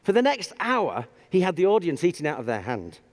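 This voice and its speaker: A man giving a humorous storytelling talk on stage, animated and self-deprecating. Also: on the high side, fairly quick. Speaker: public speaker. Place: large auditorium stage. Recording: long hall reverb.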